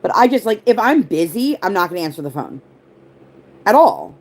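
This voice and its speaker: With a mid-range voice, big pitch swings, and a moderate pace, a livestream host of roughly forty chats casually with her audience. She drifts through tangents, replies to comments, and uses "like" a lot.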